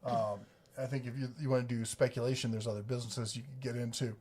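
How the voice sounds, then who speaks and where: A man's voice: medium pitch, level tone, quick pace, a little mellow, slight background noise. Rambling joking man hosting a livestream. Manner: rambling, joking, self-correcting. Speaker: livestream host. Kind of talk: casual livestream chat.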